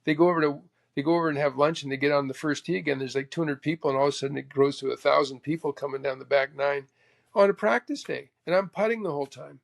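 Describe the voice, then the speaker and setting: A man from Canada, a former tour golfer, telling animated stories in a casual interview. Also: on the high side, fast talker, vocal fry. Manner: animated anecdote teller, acts out the voices of others.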